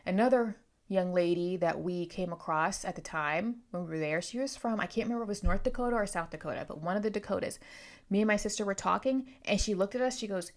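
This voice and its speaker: A woman with an American East Coast accent talks casually to camera about a book, drifting off on tangents and laughing easily. Her voice sits at a middle pitch. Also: fast. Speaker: book reviewer.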